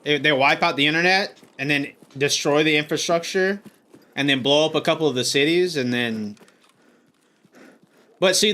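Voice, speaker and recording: A man's voice: fairly high pitch, pushed and bright. A man streaming a game live, talking casually to his chat, frustrated and swearing as he rambles.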